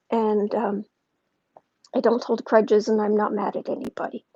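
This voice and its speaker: A woman's voice: mid-range voice, little pitch movement, normal speed, breathy edge, no room sound, highs cut off. A woman hosting a livestream from home on an earpiece microphone, chatting loosely and reading comments from her chat. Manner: rambling and warm, with frequent fillers and asides. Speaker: astrology and tarot livestream host.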